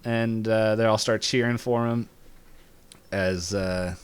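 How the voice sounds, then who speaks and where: A man co-hosting a podcast, casually retelling a cartoon episode, laughing often and jumping up in pitch to act out lines. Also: steady tone, takes it slowly, clean tone. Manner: laughs while retelling scenes, voices lines with jumps in pitch. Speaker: podcast co-host.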